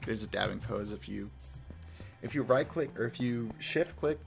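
Guy from oklahoma rambling on a game stream, kinda low gravelly voice, music going behind. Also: moderate pace. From Oklahoma, United States. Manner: rambling, chatty, reacts aloud to the game. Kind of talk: casual live-stream chat while gaming.

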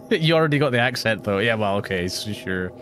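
A Scottish man with a self-mocking, joking manner, commentating a horror game. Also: on the low side. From Scotland. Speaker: gaming YouTuber. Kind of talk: let's play commentary.

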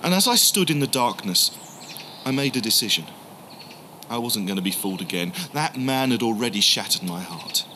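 A man telling the story in the first person as a grieving, doubting male disciple, halting and emotional, repeating words. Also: mid-range voice, animated, noisy background, lightly acted. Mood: bitter.

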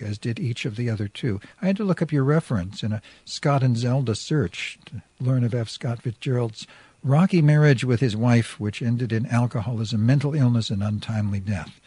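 A man's voice: medium pitch, moderate pace, dark tone, breathy edge, dry recording. A man, a radio host, reading a first-person story chapter aloud in a dry, wry narrating voice.

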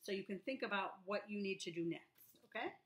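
A woman with a bright, clear voice teaches young children, stretching out words and saying them again and again. Her voice rings a little in an echoey room. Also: medium pitch. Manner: slow, sing-song phonics teaching with repeated words. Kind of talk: remote lesson for young children.

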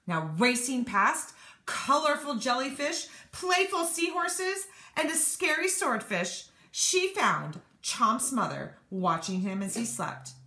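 A woman teacher reading a children's storybook aloud, animated and expressive. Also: high-pitched, slow. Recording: echoey room.

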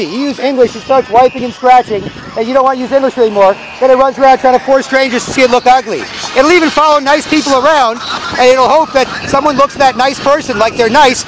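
A man's voice: very high voice, rough recording. A man giving a rambling, profane, preachy monologue outdoors on city streets. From Canada. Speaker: street vlogger. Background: faint traffic.

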